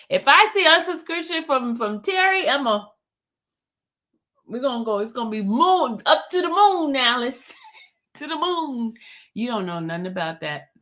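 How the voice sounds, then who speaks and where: Woman host, live-stream chat, fairly high voice, animated, laughs a lot. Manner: animated, laughs often, reads viewer comments aloud. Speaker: YouTube channel host.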